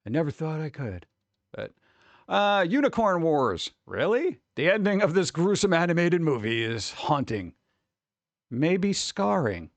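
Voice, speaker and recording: A man's voice: sing-song, unhurried, no echo. Rambling male streamer, dry close mic. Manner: rambling, mocking impressions with sudden high-pitched jumps. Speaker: streamer host. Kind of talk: casual live-stream chat.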